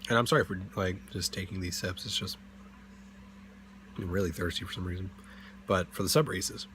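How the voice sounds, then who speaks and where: A man's voice: lowish voice, a bit bright, slight background noise. A young man hosting a tabletop game channel, chatting casually in a rambling way, full of fillers and self-corrections. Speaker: D&D channel host.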